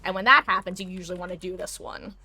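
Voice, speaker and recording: A woman's voice: on the low side, steady tone, fast talker, pushed and bright. A woman live-streaming a video game, chatting casually and explaining tactics to her viewers. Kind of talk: casual gameplay commentary.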